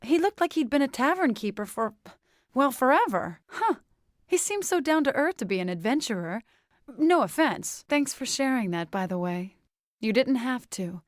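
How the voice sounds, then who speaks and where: An actress voicing a stubborn, defensive young farmer woman in a fantasy video game, talking with hesitant pauses. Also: sits high, sing-song, no room sound, clean studio sound. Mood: warm. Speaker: game companion character.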